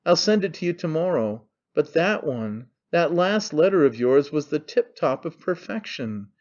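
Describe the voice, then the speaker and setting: A man's voice: on the high side, very animated, moderate pace, darkish tone, highs cut off. A man voicing a brash young man who mocks his father in an offhand, needling way. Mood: mocking. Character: young man, mocking, cynical, brash son.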